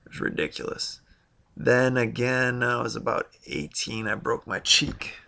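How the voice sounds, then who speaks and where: A man's voice: medium pitch, a little slow, vocal fry, sharp tone. A man in his thirties talking in a rambling, blunt way, recounting his own experiences in a casual monologue. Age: 30s. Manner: rambling and blunt, with frequent fillers and asides. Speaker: vlogger.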